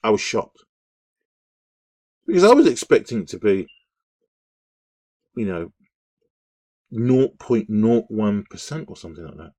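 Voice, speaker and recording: A man telling a story in a casual, rambling monologue, animated and full of restarts. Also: on the low side, unhurried, long pauses, no echo.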